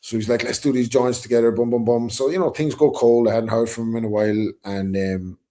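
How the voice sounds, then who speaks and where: A man's voice: medium pitch, fairly even intonation, fairly quick, warm tone. A middle-aged Irish man telling a story in a casual chat, acting out the quotes and swearing freely. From Ireland. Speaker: guest rapper.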